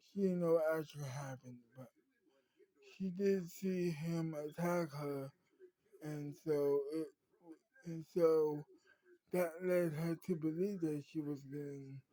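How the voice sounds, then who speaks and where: Brief: male storyteller, slow and hesitant, mellow dry voice. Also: on the high side, no echo, poor audio. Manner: halting, many ums and restarts. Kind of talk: improvised spoken story.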